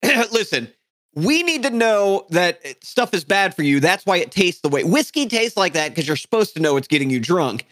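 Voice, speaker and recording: A man's voice: high-pitched, very animated, moderate pace, fairly bright tone, no echo, studio quality. A man co-hosting a podcast, bantering in a profane, mock-outraged way. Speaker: podcast co-host. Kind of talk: casual banter.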